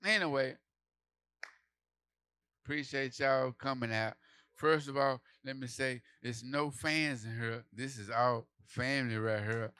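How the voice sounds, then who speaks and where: A man performing a stand-up comedy set for a live audience, telling stories loudly and playing out the quotes. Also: medium pitch, a little slow. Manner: loud, animated storytelling with acted quotes.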